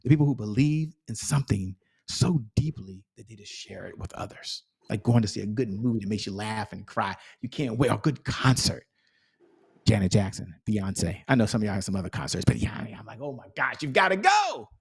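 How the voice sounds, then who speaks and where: A man's voice: lowish voice, fairly quick, creaky, darkish tone, breathy edge. Emphatic motivational man coaching on sales. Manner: enthusiastic, emphatic repetition. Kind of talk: motivational talk.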